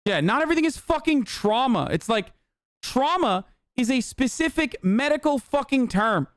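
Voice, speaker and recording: A man's voice: very high-pitched, very animated, normal speed, smooth, dry recording. A young man streamer ranting heatedly and profanely in live-stream commentary, reading posts and mocking them.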